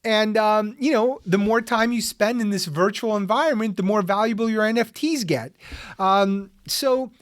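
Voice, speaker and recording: A man's voice: sits high, moderate pace, no echo, clean studio sound. A man hosting a comedic solo podcast, rambling and sarcastic, with many fillers and restarts and chuckles at his own jokes. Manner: drifts into tangents and laughs at his own jokes. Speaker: podcast host.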